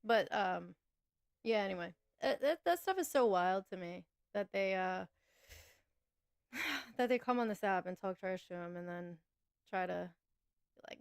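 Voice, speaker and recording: Woman, livestream co-host, chatty, laughs a lot, gravelly voice, dry close sound. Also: mid-range voice, animated, unhurried, long pauses, no room sound. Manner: chatty, laughs often, reads and answers chat. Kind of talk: casual livestream talk.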